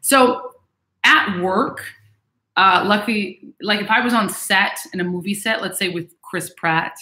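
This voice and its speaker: A woman vlogger giving casual advice to viewers in a chatty, animated way, acting out what other people say. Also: medium pitch, a little slow. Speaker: vlogger reading and answering viewer messages. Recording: echoey room.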